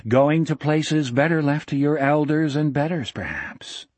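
A sinister preacher with a deep, mellow voice and a falsely gentle calm, spoken slowly and with a husky grain, as a man reading aloud puts him on. Every word drips sanctimony and quiet threat, delivered close and dry like an audiobook. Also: dry recording, heavily acted. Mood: sanctimonious. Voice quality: mellow, low and soft. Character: smooth menacing male preacher, falsely gentle.

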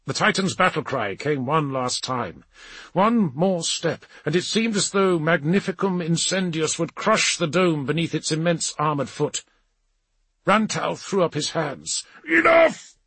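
Husky, expressive male audiobook narrator. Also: fairly high pitch, unhurried, no room sound. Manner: dramatic, expressive reading. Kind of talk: scripted narration.

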